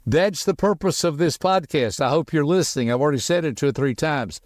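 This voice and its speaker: A middle-aged man hosting a motivational podcast, talking quickly and emphatically in a folksy way, with personal stories. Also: on the high side, no room sound, clean studio sound. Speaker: podcast host and personality teacher.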